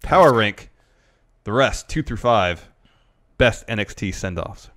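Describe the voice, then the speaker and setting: Man, podcast co-host, lowish voice, dry and matter-of-fact, casual chat. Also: expressive, a little slow, fairly bright tone. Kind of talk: casual chat, reading listener questions.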